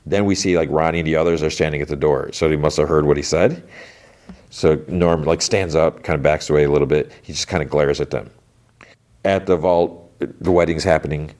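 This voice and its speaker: A man's voice: a bass voice, fairly even intonation, brisk, a little mellow. A man hosting a podcast, recapping a TV episode in a loose, rambling way full of "like" and restarts. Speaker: podcast host.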